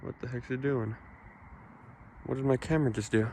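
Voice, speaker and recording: A man's voice: mid-range voice, fairly even intonation, normal speed, dark tone. A man vlogging while walking outside at night, chatting in a rambling, mildly spooked way. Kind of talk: casual vlog narration. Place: outdoors at night in a foggy neighborhood. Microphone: handheld camera mic. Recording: noisy outdoor camera audio. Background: night sounds and distant cars.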